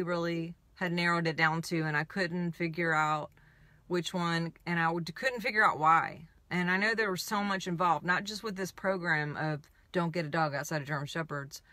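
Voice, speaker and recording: A woman telling a personal story in a candid, halting, emotional way, as a healing coach reflecting on her own experience. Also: on the low side, bright, forceful tone, no echo.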